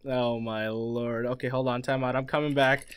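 Excitable young man hosting a gaming video. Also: medium pitch, normal speed, slight background noise. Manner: excitable, shouts and laughs at mishaps. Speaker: let's play host. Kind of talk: casual gaming commentary.

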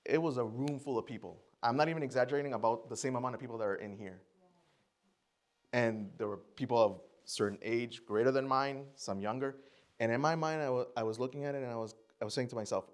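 A man's voice: mid-range voice, fairly quick. Man telling a story from a church pulpit. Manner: conversational storytelling, acts out his own thoughts and other people's lines. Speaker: guest speaker at church. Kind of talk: personal testimony sermon. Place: church before a congregation.

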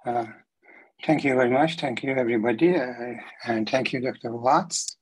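A woman in the audience asking a question in a webinar, halting and polite. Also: very deep voice, darkish tone, slightly rough, poor audio. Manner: halting, polite, repeats thanks.

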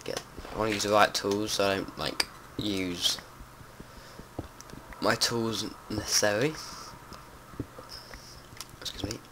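Guy doing lets play commentary, lowish voice, swears a lot, keyboard clicks and a bit of noise from an open window. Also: steady tone, slow pace, long pauses. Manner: chatty, swears a lot, panics and yells when startled. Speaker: gameplay commentator. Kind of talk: casual let's-play commentary. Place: home room with window open. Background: faint outdoor noise and keyboard typing.

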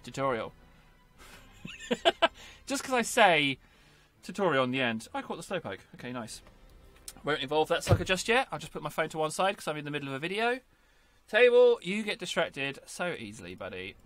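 A high, lively, playful man commentating a game. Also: normal speed, pauses often, no echo. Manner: playful, jokey, talks to himself. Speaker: gaming video host. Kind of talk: casual gameplay commentary.

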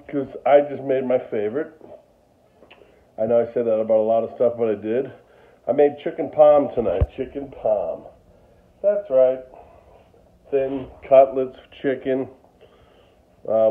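A man's voice: medium pitch, a little slow. A man talking casually while he cooks in his home kitchen, joking around and sliding into angry political rants. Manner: goofy, jokey, turns to angry political ranting. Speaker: home cooking vlogger. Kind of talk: casual cooking chat and rant. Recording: tinny phone-like sound.

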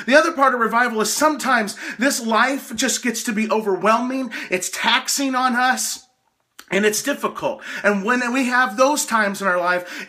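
A man preaches a devotional sermon with a high, bright, forceful voice. He is earnest and gets emotional, lifting his voice when he is excited. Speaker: hospice chaplain and preacher.

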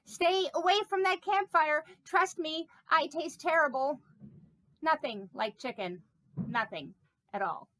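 A woman's voice: high-pitched, unhurried, fairly bright tone, no echo. A woman voicing a vain, chatty, silly snake puppet in a children's sermon, talking playfully with rambling asides. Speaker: pastor.

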